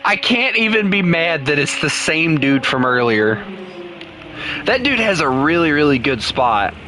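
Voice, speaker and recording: A man's voice: fairly high pitch, expressive, a little slow, sharp tone. A man casually commenting on his own gameplay while streaming, chatty and laughing often as he talks to himself. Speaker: gaming streamer. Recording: noisy game audio underneath.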